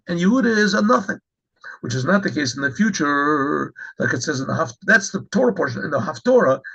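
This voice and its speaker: Man teaching as a rabbi, fairly high gravelly voice, husky, dull lo-fi recording. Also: sharp tone. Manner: reads Hebrew phrases then translates, frequent throat clearing. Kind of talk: Torah class explaining a text.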